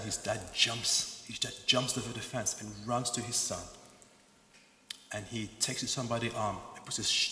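A man's voice: lowish voice, bright, forceful tone, slight background noise. A man preaching a sermon to his church, passionate and emphatic, stacking phrase after phrase. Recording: echoey hall with long reverb.

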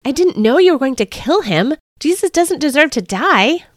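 A woman's voice: mid-range voice, moderate pace, fairly bright tone, dry recording, natural voice. Guilt-stricken young male disciple, read by a woman, pleading and blurting, close to tears, dry close sound, storybook reading. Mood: desperate.

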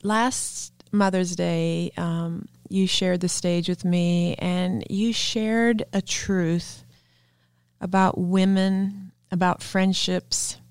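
A woman hosting a faith podcast interview, asking her questions slowly and deliberately. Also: on the low side, fairly even intonation, smooth, no room sound, studio quality. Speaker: host.

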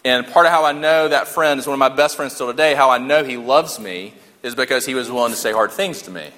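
A man's voice: mid-range voice, fast talker, pushed and bright. A man preaching a sermon in a conversational way, repeating key lines for emphasis and joking along the way. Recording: long hall reverb.

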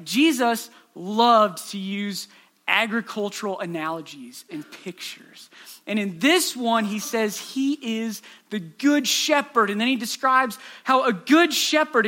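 High-voiced man preaching a sermon. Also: sharp tone. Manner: earnest storytelling with rhetorical questions. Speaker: pastor.

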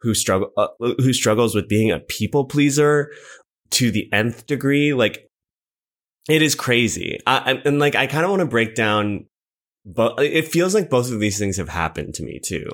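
A man's voice: mid-range voice, animated, moderate pace, a bit bright. A man, a comedian, chatting as a podcast guest and candidly confessing his own insecurities with self-deprecating humor. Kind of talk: casual chat.

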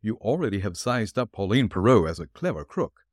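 Give me a shrewd, calm male detective, read by a man in a dry, deliberate way. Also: lowish voice, dry recording.

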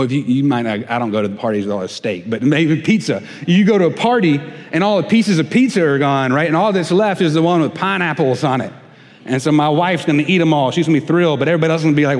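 A man preaching a sermon, conversational and emphatic, growing loud and indignant when quoting. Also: fairly high pitch, in a large hall. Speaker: pastor.

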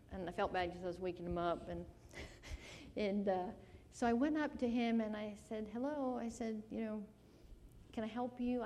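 A woman's voice: medium pitch, darkish tone, big-room sound, a little hiss or hum. A woman preaching a sermon, telling a personal story earnestly and growing emotional. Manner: earnest, rising to emotional intensity.

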